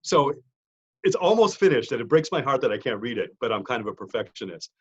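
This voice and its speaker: Soft-spoken husky man, hesitant. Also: medium pitch, sing-song, fairly quick. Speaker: poet. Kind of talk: casual introduction before a reading. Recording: muffled lo-fi sound.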